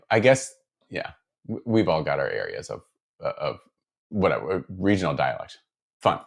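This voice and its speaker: A man from the Midwest chatting casually on a live stream, rambling with lots of fillers and restarts as he reads out viewer comments. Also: low-pitched. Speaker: guitar builder streaming to viewers.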